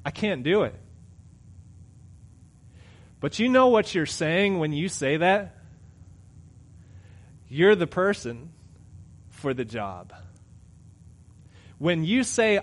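A middle-aged pastor preaching a sermon, conversational, swinging between loud emphatic lines and quiet asides. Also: male voice, high-pitched, very animated, slow, long pauses.

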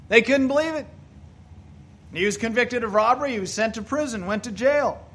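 A man's voice: extremely high pitch, normal speed, fairly bright tone, husky. A male pastor preaching a sermon, telling stories and rising to emphatic bursts.

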